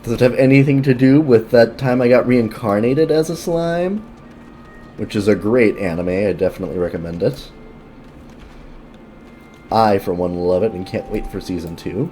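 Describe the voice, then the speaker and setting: Guy streaming a game, rambly, low mellow voice, faint game music behind. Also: moderate pace. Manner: rambling, lots of fillers and asides. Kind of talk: casual gameplay commentary.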